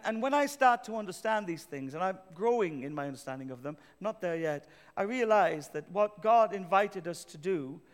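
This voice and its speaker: A male pastor preaching a sermon, telling a personal story with self-deprecating humor and building to emphatic declarations. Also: high-pitched. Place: church. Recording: reverberant church hall.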